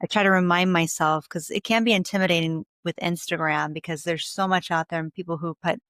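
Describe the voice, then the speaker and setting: A woman's voice: fairly low pitch, steady tone, brisk, a bit bright, no room sound, clean studio sound. A woman hosting a podcast, chatting casually with her guest, with lots of "you know" and "like" fillers. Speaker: podcast host. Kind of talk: casual interview chat.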